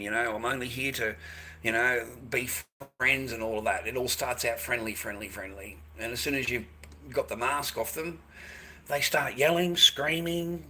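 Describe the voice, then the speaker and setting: A man's voice: mid-range voice, sharp tone, slight background noise. An Australian man on a livestream, delivering a crude, rambling rant full of swearing and repeated phrases.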